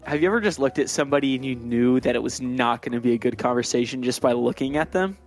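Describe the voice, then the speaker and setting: A man's voice: medium pitch, fast, soft background music. A young man co-hosting a podcast, chiming in eagerly during casual chat. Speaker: podcast co-host.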